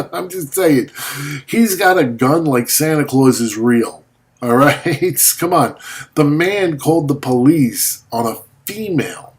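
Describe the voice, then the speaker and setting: A man ranting at a rival in a video monologue, confrontational and mocking, swearing often, just after waking up. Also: mid-range voice. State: just woken up. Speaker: vlogger.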